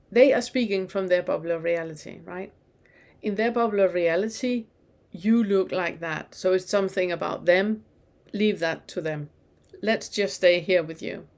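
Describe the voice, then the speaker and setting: A woman with a mid-range voice leads a spiritual teaching lesson. She talks calmly and reflectively and keeps turning the listener back on themselves with rhetorical questions. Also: medium pitch, a little slow, long pauses. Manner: calm, reflective, asks many rhetorical questions.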